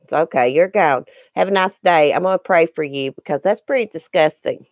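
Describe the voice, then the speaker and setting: A woman's voice: low-pitched, fairly quick, no room sound, lo-fi sound. A Southern woman hosting a casual livestream, chatting folksily with viewers by name and reading the chat. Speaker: YouTube livestream host.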